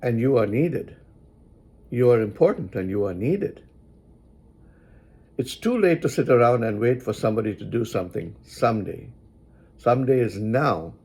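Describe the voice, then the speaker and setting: Slow gravelly-voiced man. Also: medium pitch, a little mellow. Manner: deliberate, repeats lines for emphasis. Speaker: speaker giving moral advice. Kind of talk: reflective spoken monologue.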